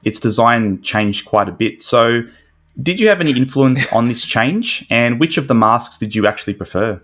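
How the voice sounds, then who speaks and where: A man hosting a podcast, asking a guest questions in a measured way. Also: medium pitch, expressive, fairly bright tone. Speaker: podcast host. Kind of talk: interview questions.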